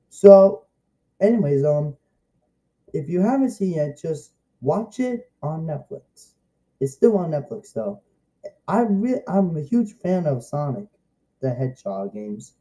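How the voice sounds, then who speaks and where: A young man vlogging a casual, excitable review, rambling and repeating himself. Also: fairly high pitch, measured pace.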